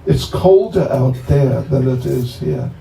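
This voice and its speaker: Slow, gravelly-voiced man, joking. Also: mid-range voice, animated, warm tone. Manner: joking, chatty, slow and rambling. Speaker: swami introducing a guest. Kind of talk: informal talk to devotees. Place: bonfire gathering. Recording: echoey, distant, faint ambient noise.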